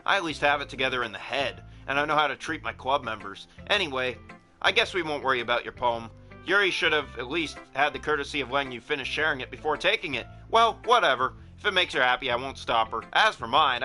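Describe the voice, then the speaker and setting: A man's voice: mid-range voice, sharp tone, low-quality recording. A man voicing a confident, chatty teenage girl who runs a school club, talking in a breezy, confiding way.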